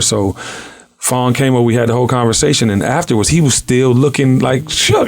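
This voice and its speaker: A man hosting a talk show, telling stories in a casual, slangy, animated way. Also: mid-range voice, a little fast. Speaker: show host. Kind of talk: casual chat.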